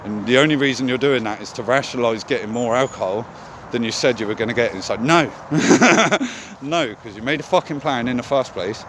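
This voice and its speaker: A man's voice: medium pitch, fast, few pauses, fairly bright tone, slight background noise. A man vlogging in a candid, casual monologue, swearing often as he talks.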